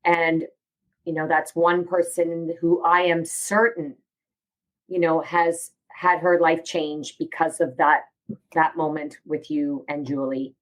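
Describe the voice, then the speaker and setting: A woman hosting a podcast interview, who listens and affirms her guest softly. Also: deep voice, little pitch movement, takes it slowly, poor audio. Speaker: podcast host. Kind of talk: interview conversation.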